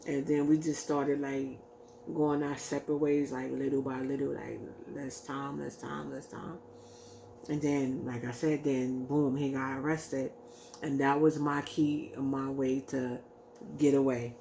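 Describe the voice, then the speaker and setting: A woman's voice: very deep voice, little pitch movement, a little slow, mellow, slight background noise. A woman vlogger casually telling a personal story, rambling with lots of fillers and acting out what people said. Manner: rambling, heavy use of "like" and "you know"; acts out quoted lines in her retelling.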